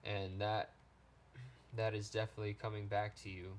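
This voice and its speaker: A man giving a pick-a-card tarot reading, talking in a gentle, halting way with many restarts. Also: lowish voice, little pitch movement, a little hiss or hum. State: choked up, near tears. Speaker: tarot reader.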